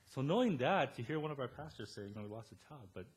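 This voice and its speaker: A man in his thirties preaching a sermon as pastor, animated and storytelling, quoting the people he talks about. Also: medium pitch, fast, slightly rough.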